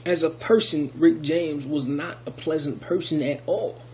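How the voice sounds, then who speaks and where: A man's voice: a little high, measured pace, a little mellow, slight background noise. Rambling man telling a testimony. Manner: rambling, many restarts and fillers. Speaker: video testimony speaker. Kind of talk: casual spoken testimony.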